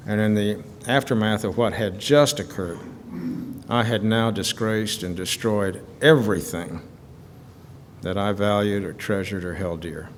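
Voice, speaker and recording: A middle-aged man from Georgia giving an earnest, halting personal testimony at a recovery retreat, repeating words when moved. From Stockbridge, Georgia, USA. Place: retreat hall. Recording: archival hall recording with long reverb and faint rumble.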